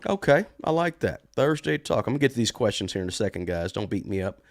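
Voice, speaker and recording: A man's voice: on the low side, animated, quick pace, gravelly. A man in his fifties hosting a live Q&A stream, chatty and informal, often addressing viewers as guys. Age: 50s. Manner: chatty, calls audience "guys", greets viewers. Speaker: livestream host. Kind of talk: live Q&A chat.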